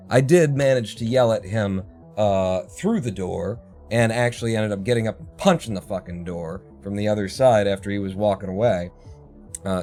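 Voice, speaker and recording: Streamer guy on a heated cussing rant, mid pitch, faint music behind. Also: a little mellow. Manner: heated, heavily profane ranting. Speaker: livestream host. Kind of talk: casual ranting story. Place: home, indoors.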